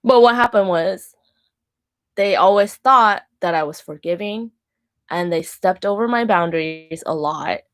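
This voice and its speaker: A woman in her thirties, a Christian minister, shares a personal story with a mid-range, slightly bright voice at a somewhat slow pace. She rambles casually, packing in "like" and frequently restarting her sentences.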